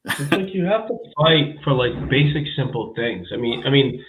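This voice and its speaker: A man hosts a casual podcast chat, telling a story packed with swearing and acting out what others said. His medium-pitched voice moves at a moderate pace, and the audio is roomy, narrow, and tinny, with slight background noise.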